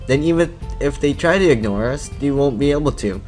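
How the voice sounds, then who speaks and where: A man's voice: mid-range voice, lively intonation, a little fast, a little mellow, soft background music, lightly acted. Chirpy, insistent schoolgirl from a visual novel, as a man reads her lines. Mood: cheerful.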